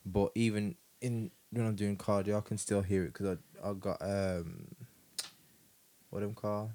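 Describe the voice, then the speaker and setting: A man's voice: on the low side, measured pace. Laughing man in casual chat. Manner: animated, laughs often, repeats himself. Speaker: podcast co-host.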